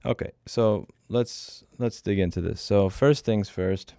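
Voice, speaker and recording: A man's voice: on the low side, a little slow, gravelly, warm tone, dry recording, clean studio sound. A middle-aged man livestreaming himself coding, in casual, blunt, profane talk, muttering to himself as he works. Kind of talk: casual livestream chat while programming.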